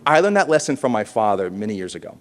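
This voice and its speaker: An animated man delivers a punchy conference talk, his pitch jumping up and down with energy. The sound comes through a large hall with a long, ringing reverb. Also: fast talker. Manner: animated, punchy, with audience call-and-response. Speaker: keynote speaker at a realtors conference. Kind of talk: motivational conference speech.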